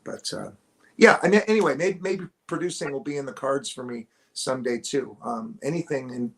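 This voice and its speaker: A man's voice: medium pitch, normal speed. A male musician talking casually in an interview, hesitant, with many restarts and fillers, close to the camera at home. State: morning voice. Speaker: musician guest. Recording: clear guitar music behind.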